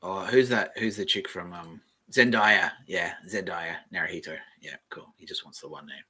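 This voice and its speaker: A man hosting a casual solo podcast, reading aloud from the web and thinking out loud in a rambling way, with the odd swear. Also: low voice, normal speed, slightly rough. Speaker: podcast host.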